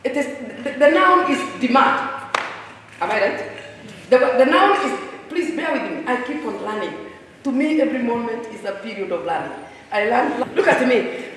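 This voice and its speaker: A high-voiced woman leads a staff workshop, teasing her listeners and calling on them for answers. Her voice rings through a long, echoey hall, picked up from well back with a faint murmur of the room behind her. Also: moderate pace, slight background noise. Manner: animated, teasing, quizzes the audience. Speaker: speaker at a staff retreat. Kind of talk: lively motivational workshop talk. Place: large hall with an audience. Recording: echoey hall, distant mic.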